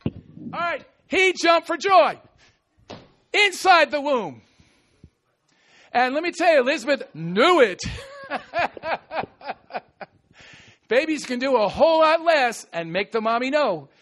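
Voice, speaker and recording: Very high-pitched man delivering a lively, playful sermon with shouted acted-out lines. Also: takes it slowly, pauses often. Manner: playful, acts out scripture quotes with shouts and laughs. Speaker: preacher. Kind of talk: animated sermon.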